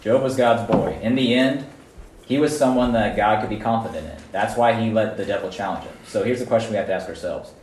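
Casual youth preacher, male, lively and chatty, mic a bit far off, echoey room. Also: on the low side, brisk, slight background noise. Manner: conversational, animated, frequent "right?" and "guys". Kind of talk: casual sermon.

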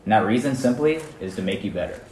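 A man preaching a casual sermon to a small group, conversational and animated, often checking in with his listeners. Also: fairly low pitch, fast talker, slight background noise. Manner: conversational, animated, frequent "right?" and "guys". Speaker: youth preacher. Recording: echoey room, mic at a distance.

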